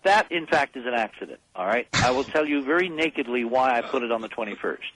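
A man's voice: mid-range voice, animated, quick pace, fairly bright tone, slight background noise, poor audio. A man speaking as a guest on a radio talk show, talking emphatically and persuasively, rallying listeners to act.

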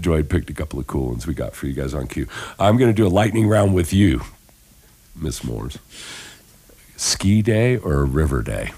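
Very deep-voiced lively radio host. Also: male voice, moderate pace, breathy edge. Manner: lively and chatty, laughs easily, many fillers. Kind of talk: casual radio interview. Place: radio studio.

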